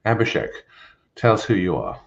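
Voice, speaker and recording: An older man with an English accent, a company founder introducing himself in a webinar with measured enthusiasm. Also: low-pitched, sing-song, vocal fry. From England. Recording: muffled lo-fi audio with faint noise.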